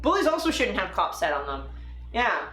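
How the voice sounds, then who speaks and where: A woman's voice: mid-range voice, big pitch swings, moderate pace, a bit bright, reverberant. A woman hosting a live political commentary stream, reacting angrily with sarcasm and swearing. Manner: angry, profane, sarcastic. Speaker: political livestream host.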